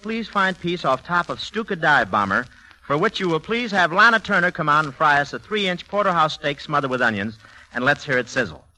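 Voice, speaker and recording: A man hosting a 1940s radio variety show, tossing out quick wisecracks as emcee. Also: high voice, pushed and bright, low-quality recording.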